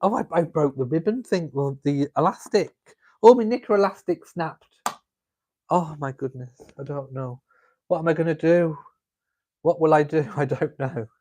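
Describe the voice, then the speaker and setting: Sipping coffee at home, an English man runs a relaxed live stream, reading viewers' comments out and bantering in a camp, playful style. His voice is a little high, a bit mellow and husky, at a normal speed.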